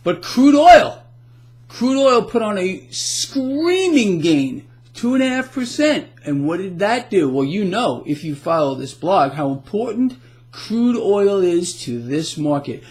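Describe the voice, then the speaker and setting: Man, middle-aged, casual market blog host, animated, sarcastic, stumbling restarts, desk mic at home. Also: high-pitched, measured pace. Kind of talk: casual video blog commentary.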